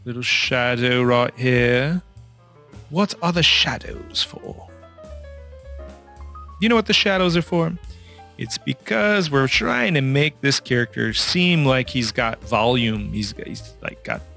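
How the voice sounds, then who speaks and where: Faint music plays behind a man who narrates a laid-back drawing tutorial, quizzing viewers playfully and chatting as he draws. His mid-range voice is slow, creaky, pushed and bright.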